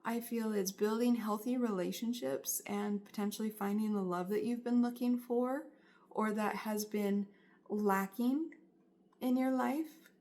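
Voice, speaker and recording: A woman reads tarot for her viewers in a somewhat high voice, taking her time over each phrase. She sounds earnest and encouraging, pressing her points with emphasis. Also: measured pace, dark tone. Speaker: tarot reader. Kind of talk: spiritual tarot reading monologue.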